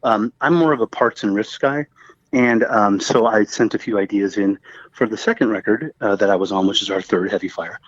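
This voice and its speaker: A man's voice: fairly low pitch, fairly quick, dry recording, lo-fi sound. A man from Southern California with a Southern Californian accent, a guest musician chatting casually in an interview, rambling and laughing often. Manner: rambling, laughs often, acts out quoted voices.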